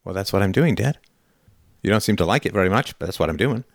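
A man's voice: low voice, animated, quick pace, creaky, no echo, studio quality. A man hosting a call-in show, playing a son who confronts his father in a heated, emphatic and sarcastic way, swearing as he goes. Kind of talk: call-in show role-play.

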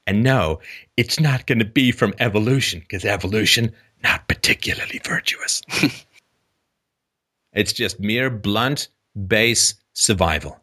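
A man hosting a call-in show, talking in an animated, joking way with frequent restarts. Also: on the low side, unhurried. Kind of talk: casual call-in conversation.

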